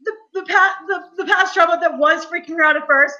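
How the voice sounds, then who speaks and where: A woman playing in a tabletop game, excitable and giggly as she narrates her character's actions. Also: extremely high pitch, brisk, muffled recording. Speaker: player. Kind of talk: casual tabletop role-play.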